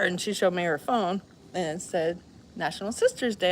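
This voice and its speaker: A woman's voice: mid-range voice, expressive, a little fast, a little hiss or hum. Chatty woman vlogging outdoors. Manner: chatty, talks to a dog between asides. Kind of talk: casual vlog chat.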